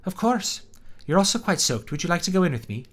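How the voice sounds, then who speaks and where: A man's voice: high voice, sing-song, fairly quick, voice pushed up, exaggerated voice. A man doing a breezy Irish young woman. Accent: put-on Irish. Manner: bright, breezy, untroubled. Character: carefree cheerful young woman, bold and unabashed.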